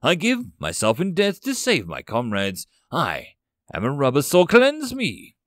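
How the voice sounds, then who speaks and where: A desperate young soldier, badly hurt, shouts with his last breath, voiced by a male narrator. His pitch leaps widely. The recording is dry. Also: wildly swooping pitch, drawn-out words, no echo, exaggerated voice. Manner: desperate, screaming.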